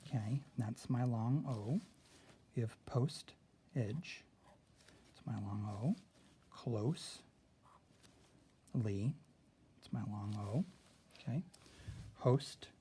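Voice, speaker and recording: A man's voice: medium pitch, dark tone, slightly rough. A man teaching a spelling lesson, walking through a word sort and checking in often with "okay.".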